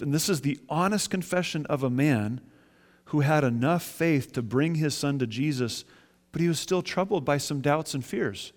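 A man's voice: on the high side, normal speed, in a large hall. A man preaching a sermon as a pastor, earnest and questioning, often putting questions to his listeners. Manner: earnest, asks the congregation questions.

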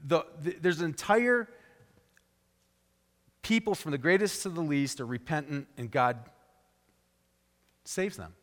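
Animated preacher man in an echoing hall. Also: fairly high pitch, measured pace, long pauses. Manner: animated storytelling, quoting characters in raised voices. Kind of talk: sermon.

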